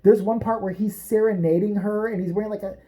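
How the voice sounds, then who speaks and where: A woman's voice: mid-range voice, quick pace. A woman vlogger delivering a profane, sarcastic comedic rant, jumping from topic to topic. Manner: foul-mouthed, animated, sarcastic, jumps between topics.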